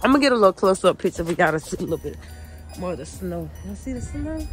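A woman talks straight to her viewers, excited and chatty while she shivers in the cold. She is outdoors in falling snow and filming on a handheld phone. Faint music plays underneath. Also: fairly low pitch, fast. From Georgia, USA. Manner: excited, chatty, keeps addressing viewers as y'all. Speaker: family vlogger. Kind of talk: casual chat to camera.

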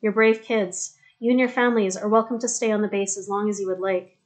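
A woman narrating an audiobook voices a brisk male army colonel. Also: mid-range voice, steady tone, natural voice. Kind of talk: audiobook character reading.

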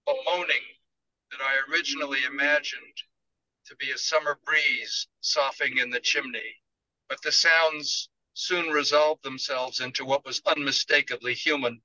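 A man reads his novel aloud in measured, literary first-person narration. His voice is very bright and sits a little high for a man. The sound is dry and dull, like a lo-fi recording. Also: dry recording. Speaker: author reading his novel.

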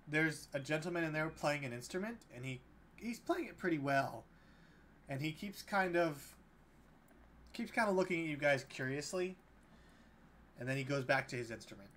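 Young adult man as game master, slightly high voice, loose filler-heavy narration, faint hum behind. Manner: relaxed, halting narration with many fillers.

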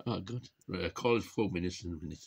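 A man with a deep, slightly rough voice talks casually to his camera in a rambling vlog monologue. He's chatty and wry, prone to chuckling asides.

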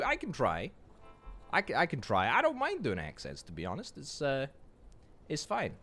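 A man with a Scottish accent, from Scotland, plays a game on a livestream and jokes back at chat in quick, chatty replies. His mid-range voice swoops wildly and sounds a bit bright, over faint background music.

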